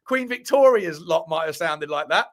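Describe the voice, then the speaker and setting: A man's voice: fairly high pitch, animated, normal speed, a bit bright. A man hosting a football fan livestream, chatting casually, rambling, correcting himself and joking with the live chat. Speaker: football fan channel host.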